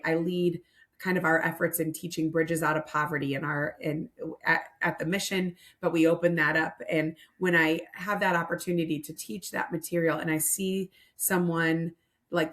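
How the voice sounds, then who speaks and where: A middle-aged woman leading a nonprofit mission, telling stories earnestly and reflectively in a podcast interview. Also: deep voice.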